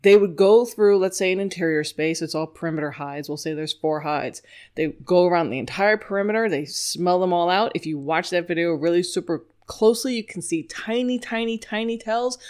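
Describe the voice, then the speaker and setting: A woman's voice: lowish voice, fairly quick, a little mellow, clean tone. A woman from New York who trains scent work dogs, giving an informal teaching talk in a chatty, emphatic way and often laughing at her own points.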